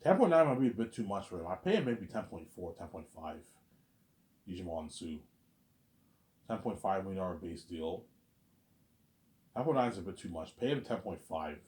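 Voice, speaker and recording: A man with a low voice rambles through a casual vlog monologue, circling back on his points and leaning on the same stock phrases. His voice rings off the walls of an echoey room. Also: very animated, moderate pace, long pauses, a little mellow. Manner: rambling and repetitive, lots of "obviously" and "you know what I'm saying". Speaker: vlogger. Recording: roomy echo.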